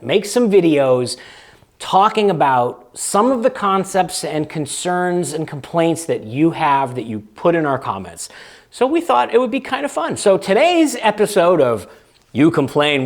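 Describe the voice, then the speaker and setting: A man hosting a casual vlog, explaining things in a chatty, conversational way with frequent fillers and restarts. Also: fairly high pitch. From United States. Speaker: vlog host.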